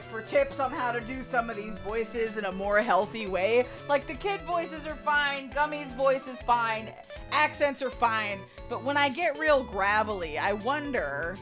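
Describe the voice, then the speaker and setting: A young woman hosting a game playthrough, chatting and reading the dialogue aloud. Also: fairly high pitch. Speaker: let's play host. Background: game music.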